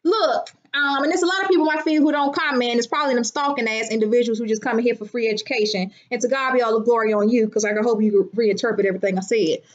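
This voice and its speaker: A woman's voice: on the high side, quick pace, few pauses, highs cut off. A woman hosting a casual live stream, brash and profane, greeting her viewers by name. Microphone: phone.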